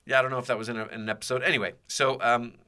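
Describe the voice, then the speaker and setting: A man's voice: mid-range voice, little pitch movement, very fast, bright, forceful tone, clean tone. A man hosting a podcast, telling a personal story in a casual, rambling way with many fillers and restarts. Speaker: podcast host.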